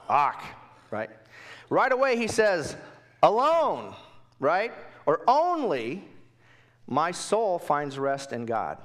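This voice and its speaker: Man teaching a conversational sermon. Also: medium pitch. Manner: conversational, asks rhetorical questions, swings from quiet to emphatic. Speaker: pastor.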